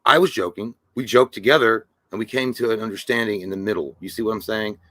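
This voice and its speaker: Bright-voiced man joking with hesitations. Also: fairly low pitch, fast, no echo, clean studio sound. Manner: hesitant, crude joking with many fillers. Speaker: podcast co-host. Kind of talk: casual live-show chat.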